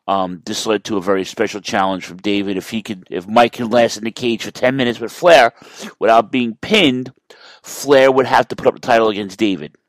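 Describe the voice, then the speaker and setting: On a dry, rough recording, a man with a fairly low voice rambles casually through wrestling history. He often corrects himself and swears now and then.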